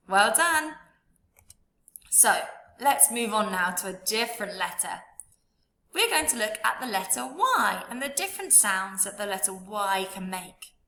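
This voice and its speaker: Slow, bright-voiced woman teaching phonics. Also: mid-range voice, expressive, roomy sound. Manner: slow, drawn-out sounding out of letters with encouraging prompts. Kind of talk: children's phonics lesson.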